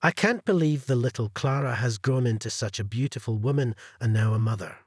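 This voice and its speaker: A man voicing a gracious older male company president who speaks warmly and politely. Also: medium pitch, fairly quick, husky, no echo, studio quality, close to an everyday voice.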